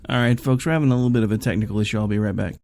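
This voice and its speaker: A man's voice: on the low side, racing, darkish tone. A man hosting a talk radio show, chatting casually in a rambling, folksy, self-deprecating way.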